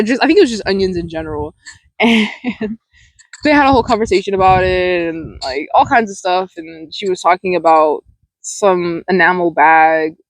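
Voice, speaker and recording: A woman's voice: lowish voice, dry recording, rough recording. A woman in her twenties talking casually about a film, rambling with lots of fillers and restarts and frequent laughs, into a close mic. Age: 20s. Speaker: vlogger. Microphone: close desk mic.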